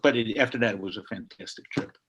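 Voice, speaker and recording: An older man from Chicago, a historian guest on a video call, telling a story in a lively way and acting out the people he quotes. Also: lowish voice, quick pace, noisy background. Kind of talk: animated storytelling.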